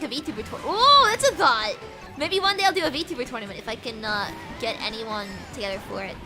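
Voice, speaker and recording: A British woman streaming a racing game, chatting casually with her viewers in a bubbly, giggly, rambling way with lots of fillers. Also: high voice. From Britain. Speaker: VTuber streamer. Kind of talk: casual livestream chat while gaming. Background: game music.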